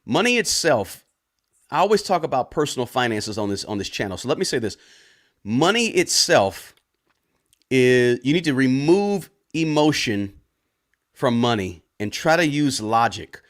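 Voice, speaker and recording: A man hosting a personal finance channel, answering viewer questions live in a loud, casual way and often ending points with a tag question. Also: mid-range voice, expressive, normal speed. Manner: talks loud, tag questions, frequent restarts.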